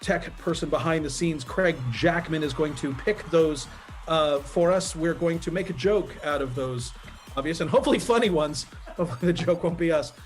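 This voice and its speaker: A man's voice: on the high side, normal speed, soft background music. Upbeat man hosting an improv show. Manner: upbeat and chatty, with frequent "uh" fillers. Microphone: video call.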